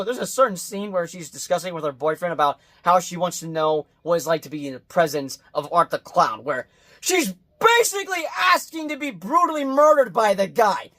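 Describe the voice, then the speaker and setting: A man doing a casual movie review vlog, talking bluntly and swearing, swinging between loud outbursts and quiet muttered asides. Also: fairly high pitch. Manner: blunt and profane.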